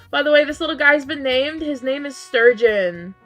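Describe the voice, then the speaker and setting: A woman game streamer chatting casually with her live chat while she plays. Her voice is worn and strained because she is losing it. She answers chat and often jumps up into high, disbelieving outbursts. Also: lively intonation, measured pace, a bit bright, faint music behind.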